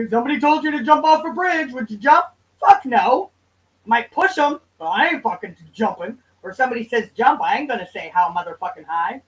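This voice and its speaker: A woman's voice: fairly high pitch, distant mic, low-quality recording. A woman hosting a livestream in casual chat, answering viewers' comments in a loose, profane, bantering way. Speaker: livestream host.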